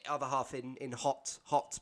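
A man's voice: mid-range voice, normal speed. A man co-hosting a casual podcast, telling stories with swearing and laughter. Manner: animated, swearing, laughing storyteller. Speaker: podcast co-host. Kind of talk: casual banter.

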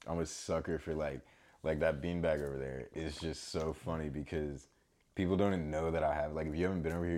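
A very deep-voiced man chatting loosely on a podcast. He rambles, leans heavily on fillers and lets his sentences sink into quiet asides. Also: steady tone, fast talker. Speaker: podcast co-host. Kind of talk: casual chat.

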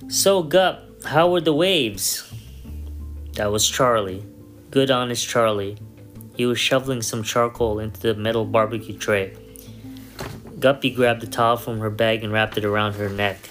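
A man reads a first-person story in a calm, measured voice. His voice sits on the low side, and faint guitar plays quietly underneath. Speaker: narrator. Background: soft guitar music.

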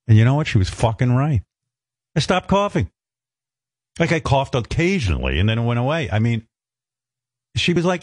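A man's voice: mid-range voice, big pitch swings, normal speed, pauses often, no room sound, studio quality. A man hosting a radio show, telling blunt, profane stories in casual talk. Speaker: radio host.

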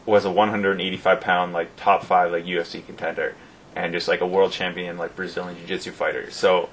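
A man with a very low voice rambles through an anecdote, packing it with fillers and acted-out quotes. Faint background noise sits under the casual chat. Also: a little fast, low-quality recording. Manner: rambling, animated, lots of fillers.

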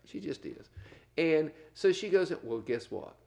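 A gravelly middle-aged man spins a story for a podcast. His voice swings up and down as he goes, and he laughs as he talks. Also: a little high, lively intonation, a little slow, a little mellow. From North Carolina, US. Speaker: podcast co-host. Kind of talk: casual storytelling chat.

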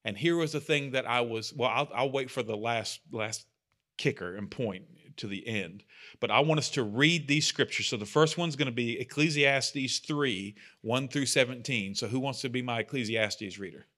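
Man, pastor, informal rambling sermon, bright tone. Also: medium pitch, normal speed. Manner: chatty, rambling, self-deprecating asides. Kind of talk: casual sermon talk.

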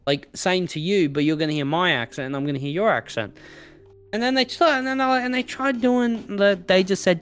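A man's voice: high voice, a little fast, clean tone, faint music behind. A young man with an Australian accent, telling rambling stories in a casual chat with friends. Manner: rambling, animated storyteller, swears casually.

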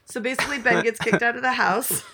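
Woman co-host, bright voice, giggly and rambling, casual film chat. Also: on the high side, fairly even intonation, quick pace. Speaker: podcast co-host.

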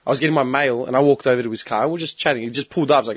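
An Australian man in casual chat, telling a story with lively swings in his voice and acting out the people he quotes. He swears freely and sounds loose and unscripted. The recording is dry and close, with no room around him. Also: mid-range voice, rapid-fire, hardly any pauses, husky, dry recording. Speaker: podcast co-host.

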